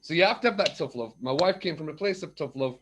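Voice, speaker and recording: A fast-talking man with a fairly high voice tells his story openly as a podcast guest in a casual chat. He's lively and performs recalled dialogue using various voices, and background noise can be heard.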